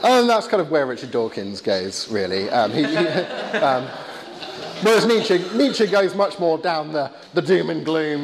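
A man's voice: fairly high pitch, big pitch swings, a little slow, crowd noise. A man answering audience questions after a lecture, talking conversationally with many fillers and restarts. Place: large stone church. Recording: long church reverb.

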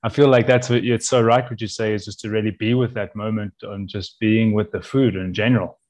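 A man who works as a chef, talking as a guest on a relaxed podcast in a fairly low voice. He speaks earnestly and rambles, often breaking off and restarting his sentences as he thinks. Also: a little fast. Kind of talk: casual conversational interview.

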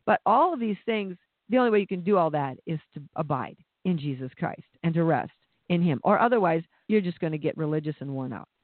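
A man's voice: fairly high pitch, animated, fairly quick, no echo. A man preaching an impassioned sermon, often repeating words as he builds up. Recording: dry, phone-like narrow sound.

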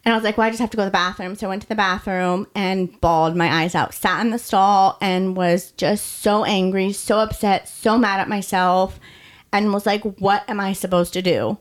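A young woman with a mid-range voice tells her story on a podcast. She speaks candidly and from the heart, sometimes rushing through a line. Her delivery sounds like an open conversation. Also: mid-range voice, steady tone.

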